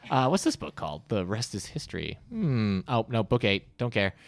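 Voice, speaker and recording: A man's voice: fairly low pitch, huge pitch swings, normal speed. Self-deprecating man, casual podcast chat. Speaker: podcast co-host.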